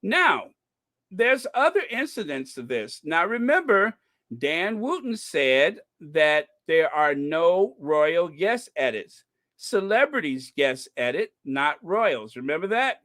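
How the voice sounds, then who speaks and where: A man hosting a royal gossip commentary, slow and deliberate with a very lively, swooping pitch. He mocks his targets and breaks into high sarcastic squeals. His voice sits dry and close to the mic. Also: dry recording. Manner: mocking, animated, jumps into high sarcastic squeals. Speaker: channel host. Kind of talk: casual commentary monologue.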